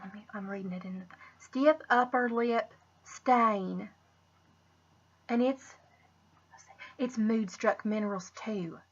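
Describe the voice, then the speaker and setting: Rambling, bright-voiced woman vlogger. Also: mid-range voice, a little hiss or hum. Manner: rambling, restarts with "but anyways"; drifts into muttered asides to herself. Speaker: makeup vlogger. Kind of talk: casual makeup tutorial. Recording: dull lo-fi recording.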